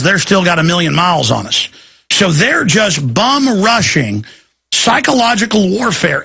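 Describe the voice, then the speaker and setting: A man's voice: sits high, vocal fry, sharp tone, slightly rough. A man hosting a talk-radio show, delivering an agitated, ranting monologue.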